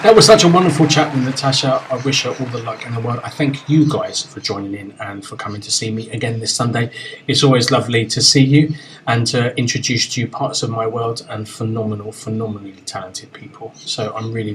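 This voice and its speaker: A man hosting a show, bantering in a playful, quick way. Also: mid-range voice, fairly even intonation, a little hiss or hum, rough recording. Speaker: host. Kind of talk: casual chat.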